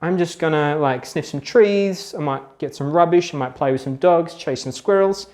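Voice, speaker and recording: A man voicing an ordinary stray dog that talks cheerfully, pitching his voice up high and playfully. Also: moderate pace, lightly acted. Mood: daydreaming. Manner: playful, higher and louder than his own voice.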